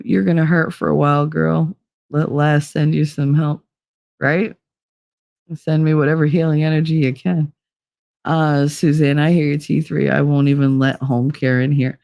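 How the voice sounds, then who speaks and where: A woman hosts a casual stream from home, talking bluntly and swearing freely while greeting viewers with pet names like honey and babe. Her voice has a gravelly fry to it. The sound is dry and close to the mic. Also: sits low, steady tone, normal speed, a little mellow, no echo. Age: 50s. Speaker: livestream host. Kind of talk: casual chat reading viewer comments.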